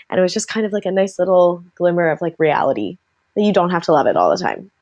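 A woman in her twenties co-hosting a casual chat, telling stories and acting out quotes in lively voices. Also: lowish voice, quick pace. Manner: chatty storyteller, acts out quotes in animated voices. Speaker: podcast co-host.

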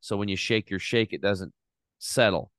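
A middle-aged man telling his story in a casual, animated way as a podcast guest, swearing now and then. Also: lowish voice, normal speed, clear, resonant tone, no echo, studio quality.

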